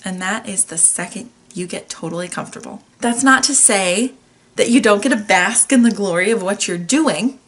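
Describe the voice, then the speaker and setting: A woman's voice: mid-range voice, normal speed, fairly bright tone, slightly rough. A woman hosting her own podcast, giving a candid, chatty motivational talk that is playful and laced with mild swearing. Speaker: podcast host. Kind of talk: casual motivational monologue.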